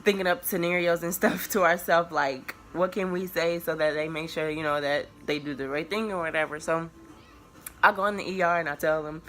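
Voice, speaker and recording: A woman's voice: low voice, a little fast. A woman in her early twenties telling viewers a personal story in a casual, rambling way, full of filler words and restarts. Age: early 20s. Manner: relaxed, confiding tone addressed to viewers.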